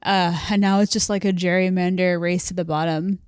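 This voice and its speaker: A woman's voice: on the low side, fairly even intonation, fairly quick, clean tone, no room sound, studio quality. A woman co-hosting a podcast, chatting about politics in a wry, easygoing way. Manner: wry, easygoing, laughs readily. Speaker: podcast co-host. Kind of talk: casual political chat.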